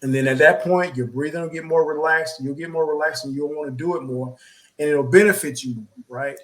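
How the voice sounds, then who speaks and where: A man's voice: on the high side, fairly quick, background noise. A man with a somewhat raised, light voice tells a story in a loose, chatty way. He repeats himself as he goes and acts out what people said. He sounds like a co-host sharing experience with listeners. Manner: animated storyteller, repeats words, acts out quotes. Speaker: podcast co-host. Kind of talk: casual storytelling chat.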